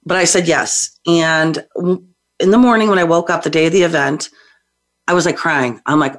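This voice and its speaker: A woman's voice: deep voice, normal speed. Hyper, chatty woman psychic guest. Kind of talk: casual talk show interview.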